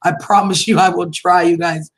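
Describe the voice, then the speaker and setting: A woman in her fifties talks straight to her livestream audience in a relaxed, chatty way. Her voice is husky and a little breathy. She greets viewers by name, calls them honey and sweetheart, and laughs often. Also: lowish voice, normal speed, low-quality recording. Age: 50s. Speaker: livestream vlogger. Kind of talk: casual livestream chat reading viewer comments.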